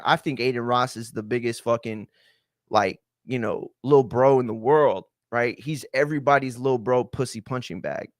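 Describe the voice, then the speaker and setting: A man's voice: medium pitch, no echo, studio quality. A man hosting a podcast, ranting casually with lots of swearing and fillers. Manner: profane, ranting, many fillers. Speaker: podcast host. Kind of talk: casual chat.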